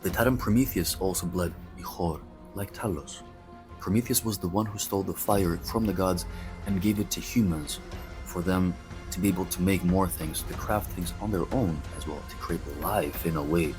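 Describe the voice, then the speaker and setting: A man's voice: sits low, normal speed, music in the background. A man with a Greek accent hosting a podcast, telling stories in a chatty, digressive way with playful jokes. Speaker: podcast host. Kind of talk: casual podcast storytelling.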